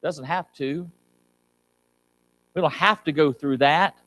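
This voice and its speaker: A man's voice: a little high, takes it slowly, fairly bright tone, no room sound, poor audio. A man preaching a sermon as pastor, pleading with the congregation and rising to urgent appeals. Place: church sanctuary.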